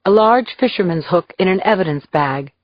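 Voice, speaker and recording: A woman reading a crime novel aloud in measured, even audiobook narration, in a dull, dry lo-fi recording. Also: fairly low pitch, no room sound.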